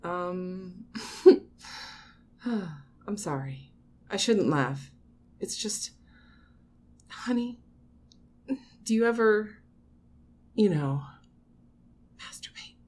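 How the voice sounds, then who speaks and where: A woman playing a doting mother who talks to her grown son in a soft, coaxing audio role-play. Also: medium pitch, lively intonation, slight background noise. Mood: gentle coaxing. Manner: soft, coaxing, slow, with frequent nervous laughs.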